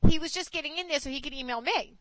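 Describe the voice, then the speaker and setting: A woman in her forties hosting a casual chat, telling stories in an animated way and acting out quotes. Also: high-pitched, racing, dry recording, rough recording. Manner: chatty, animated storytelling with acted quotes. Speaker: host.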